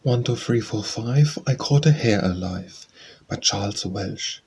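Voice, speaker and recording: A man's voice: on the low side, measured pace, darkish tone, slightly rough. A man reading nursery rhymes aloud as an audiobook, in a sing-song, rhythmic recitation. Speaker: audiobook reader.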